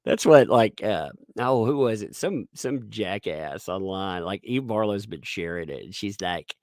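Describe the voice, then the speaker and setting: A man's voice: lowish voice, expressive, unhurried, dry recording, studio quality. A man giving rambling, sarcastic live-stream commentary, joking and laughing as he talks. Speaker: livestream commentator.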